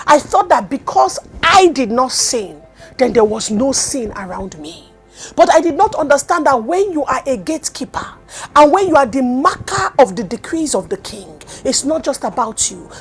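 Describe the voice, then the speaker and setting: A woman preaching a sermon, swinging from loud cries to hushed tones. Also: high-pitched. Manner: impassioned, swinging from loud cries to near-whispers.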